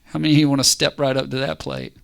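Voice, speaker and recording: Animated gravelly male preacher. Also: mid-range voice, fast. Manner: animated, conversational, keeps asking "right?". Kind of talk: casual sermon teaching.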